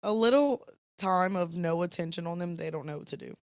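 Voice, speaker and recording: A woman's voice: fairly low pitch, a little fast, no echo, clean studio sound. Tired woman telling a story. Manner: chatty, rambling storyteller with fillers. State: tired, yawning at 2 AM. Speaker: podcast co-host. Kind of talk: casual late-night storytelling.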